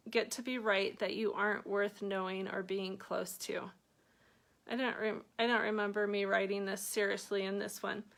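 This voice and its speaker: A woman reading her own book aloud at a middle pitch. She keeps breaking off for chatty, joking remarks and laughs at her own lines before going back to the page. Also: a bit bright. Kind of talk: reading aloud with offhand asides.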